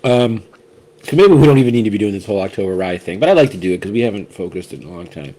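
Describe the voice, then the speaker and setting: A man's voice: fairly low pitch, animated, racing, dark tone. A man hosting a casual whiskey tasting chat, rambling and restarting often as he shares his impressions. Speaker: whiskey reviewer, co-host.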